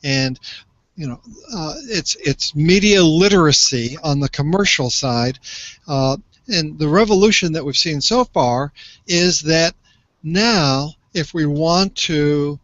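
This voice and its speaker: An older man speaks in an earnest, explanatory way, setting out his views in a relaxed discussion. His voice sits a little high for a man. The sound is dry and slightly muffled. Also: slow pace, dry recording. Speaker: social media commentator. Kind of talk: conversational discussion.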